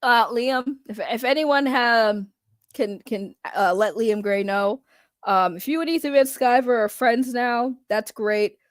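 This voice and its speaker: A woman hosting a casual reaction video, animated, laughing often and swearing freely. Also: on the high side, a little slow, no room sound, studio quality.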